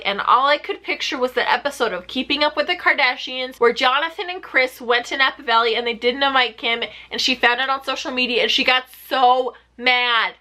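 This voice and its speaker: Bright, sarcastic woman vlogger. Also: high voice. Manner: chatty, sarcastic, rapid-fire questions. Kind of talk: sarcastic TV recap vlog. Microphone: camera mic.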